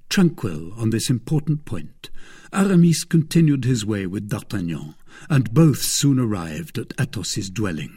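Husky man narrating a classic novel. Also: lowish voice, a little slow. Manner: expressive storytelling. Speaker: audiobook reader. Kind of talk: scripted narration.

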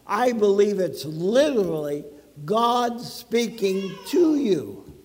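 Sitting high yet somewhat dark in tone, this pastor's voice fills a big room as he preaches conversationally in a church sanctuary, putting questions to his listeners.

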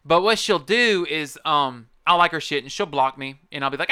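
A man's voice: fairly high pitch, moderate pace, few pauses, sharp tone, smooth, dry recording. A man hosting a podcast, ranting in a casual, profane, rambling and emphatic way into a close microphone. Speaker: podcast host. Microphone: close podcast mic.

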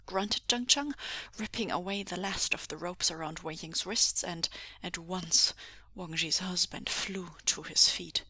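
Breathy half-whispering woman reader. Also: on the low side, bright, forceful tone, dry recording. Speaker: podfic reader. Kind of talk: audiobook narration.

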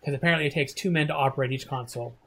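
A game master narrates a tabletop scene, setting out the room and the rules. The delivery is halting, with frequent pauses and restarts. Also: mid-range voice, slightly rough. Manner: hesitant, many fillers and restarts.

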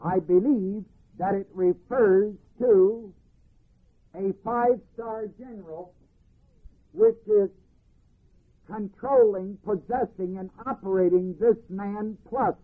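A man's voice: high-pitched, breathy edge. Man teaching scripture on tinny tape. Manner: deliberate verse-by-verse exposition. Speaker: Bible teacher. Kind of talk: teaching a Bible class. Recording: tinny archival phone-band recording.

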